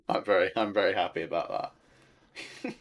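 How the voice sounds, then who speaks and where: A woman's voice: rumbling low, steady tone, unhurried. A woman co-hosting a game stream, chatting casually and laughing often. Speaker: streamer co-host.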